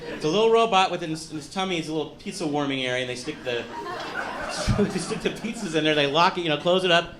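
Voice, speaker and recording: A man's voice: a little high, lively intonation, fast. A male stand-up comedian from California, rambling through a self-deprecating live set with profane outbursts. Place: comedy club stage before a laughing audience. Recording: live club recording, crowd laughter and noise.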